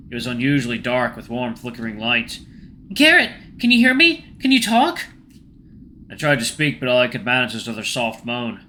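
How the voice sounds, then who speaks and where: A man hosting a gaming channel, reading a game's first-person story aloud in a hushed, tense way. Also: medium pitch, a little hiss or hum.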